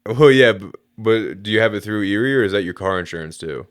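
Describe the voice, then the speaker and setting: A man's voice: lowish voice, animated, fairly quick, clear, resonant tone. A man co-hosting a comedy podcast, telling jokes and stories in a laid-back way. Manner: laid-back, joking storyteller. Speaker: podcast co-host. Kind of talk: casual comedic podcast chat.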